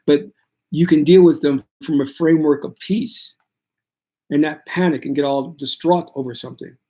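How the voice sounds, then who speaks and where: A man with a somewhat higher voice delivers a spiritual talk in a calm, steady manner. He speaks to his viewers in a reassuring, unhurried way. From United States. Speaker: spiritual teacher.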